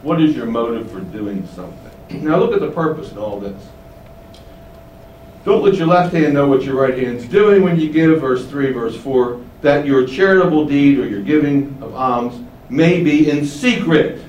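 A man's voice: mid-range voice, lively intonation, moderate pace, a little mellow, reverberant, recorded from a distance, highs cut off, slight background noise. A man preaching an expository sermon in a conversational way, often asking rhetorical questions and building up emphasis. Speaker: pastor.

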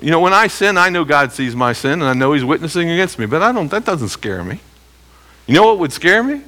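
A forceful, bright-voiced man leads a Bible lesson, walking through the text verse by verse. He sits a little high in pitch for a man and keeps pulling listeners in with rhetorical questions. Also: very animated, a little fast. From United States. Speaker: Bible teacher.

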